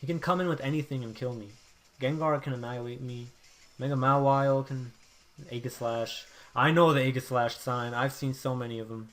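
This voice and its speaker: A young man commentates his own game live in an ordinary mid-range voice. He talks in an excitable way, dropping to a mutter one moment and breaking into loud outbursts the next. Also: medium pitch, brisk. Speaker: gameplay commentator.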